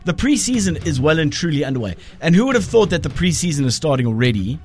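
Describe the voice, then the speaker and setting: A man presenting a sports wrap on a radio show, explaining results in a relaxed, chatty way. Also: on the high side, fast talker, faint music behind. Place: radio studio.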